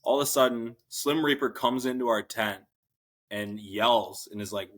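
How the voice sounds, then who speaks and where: A man's voice: mid-range voice, normal speed, fairly bright tone. A man casually telling army stories on a podcast, laid-back and profane. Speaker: podcast co-host, army veteran. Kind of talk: casual storytelling chat.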